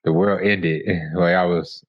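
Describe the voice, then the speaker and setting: A man's voice: low-pitched, steady tone, slow pace. A man co-hosting a podcast in casual chat, reacting with slang, profanity and laughs. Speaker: podcast co-host. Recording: dull lo-fi sound.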